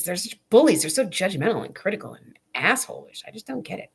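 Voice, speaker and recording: A woman's voice: mid-range voice, very animated, fast, vocal fry, husky. A young woman chatting casually to camera on her vlog, blunt, profane and rambling. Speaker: vlogger.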